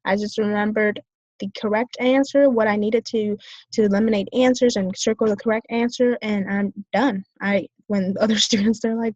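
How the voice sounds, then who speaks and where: A young woman in her twenties talks about herself as a student, hesitant and full of fillers and restarts. Her voice sits at a middle pitch. The recording is dull and dry, with no room sound around her. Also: fairly even intonation, moderate pace, darkish tone, dry recording. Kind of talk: self-reflective talk.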